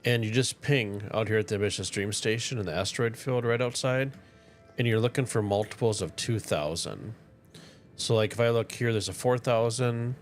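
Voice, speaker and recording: A man's voice: fairly low pitch, moderate pace, soft background music. A man from northern Minnesota with a Minnesotan accent, chatting casually with viewers while live-streaming a game. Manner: relaxed, chatty, talks to viewers while playing. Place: tiny home.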